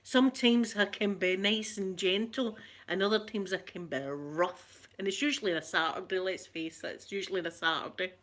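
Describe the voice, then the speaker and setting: Few pauses break up her moderate pace, and her mid-range voice has a bit of brightness. A middle-aged Glaswegian woman from Scotland, she hosts an ASMR livestream, chatting casually, laughing often and repeating phrases.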